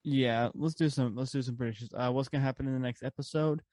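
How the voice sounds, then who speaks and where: A man's voice: mid-range voice, fairly even intonation, fast, a little mellow, no echo. A man co-hosting a podcast in casual chat, rambling with lots of fillers and laughs. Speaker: podcast co-host.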